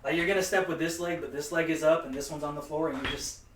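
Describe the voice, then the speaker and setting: Animated rambly gamer guy, a bit high, echoey room, far from the mic. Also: fast talker, a little hiss or hum. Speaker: player. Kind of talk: casual group chat.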